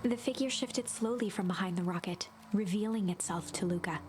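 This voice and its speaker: A woman narrating a storybook game in a hushed, breathy voice. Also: mid-range voice, brisk, noisy background, close to an everyday voice.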